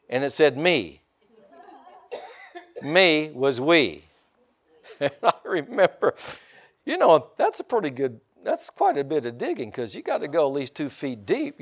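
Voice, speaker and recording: Folksy older male preacher, high-pitched. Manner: folksy, calls for amens from the congregation. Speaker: pastor. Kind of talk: sermon.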